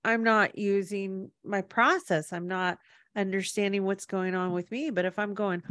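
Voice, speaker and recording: A woman's voice: mid-range voice, fairly even intonation, moderate pace, fairly bright tone, dry recording. Supportive woman co-host, dry close sound. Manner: supportive, explains ideas, acts out her own inner voice. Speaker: podcast co-host. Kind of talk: reflective conversational chat.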